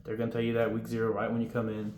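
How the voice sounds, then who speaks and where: A young man giving casual, rambling advice about basic training and acting out the drill yelling now and then. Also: fairly low pitch, completely flat delivery, very fast. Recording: roomy with faint room noise.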